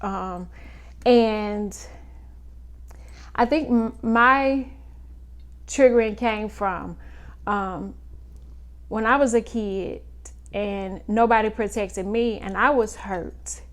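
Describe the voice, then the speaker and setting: Woman, 30s, vlogging mom; unhurried, halting delivery, lots of ums, mid-pitched. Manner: slow, halting, many fillers and pauses. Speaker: mother vlogger. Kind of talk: personal reflective monologue.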